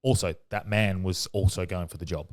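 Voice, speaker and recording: A man co-hosts a podcast in casual chat. His voice sits a little low. He talks hesitantly and often restarts mid-sentence. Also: steady tone, brisk, a little mellow. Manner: hesitant, trails off, lots of fillers and agreeing murmurs. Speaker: podcast co-host.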